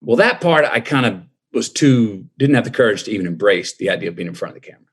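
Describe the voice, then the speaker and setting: A middle-aged man, a guest in an interview, telling his story in a reflective, drawn-out way. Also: on the low side, expressive, slightly rough.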